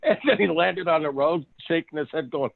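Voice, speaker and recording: A man's voice: fairly high pitch, brisk, gravelly, phone-quality sound. A man in casual chat who tells stories with a lot of energy, laughs often and acts out voices as he goes. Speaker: co-host.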